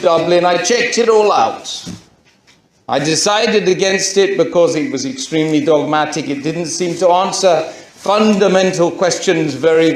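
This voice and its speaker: A man telling the audience his own story in a lively storytelling talk, full of rhetorical questions. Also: high-pitched, reverberant. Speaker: speaker giving a conversion testimony.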